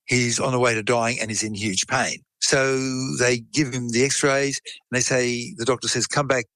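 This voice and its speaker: A man's voice: medium pitch, steady tone, normal speed, pushed and bright, no room sound, rough recording. A man explaining science in a chatty way, telling a case story and acting out what people said. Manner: explanatory, chatty, acts out quoted speech. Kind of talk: conversational storytelling.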